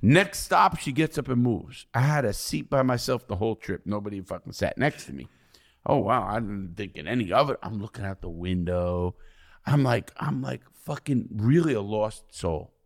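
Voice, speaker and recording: Gruff, foul-mouthed middle-aged man telling stories. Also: moderate pace. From United States. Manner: profane, blunt, swears constantly; animated, swings between loud outbursts and quiet low asides. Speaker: podcast guest, ex-convict speaker. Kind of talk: candid storytelling in conversation.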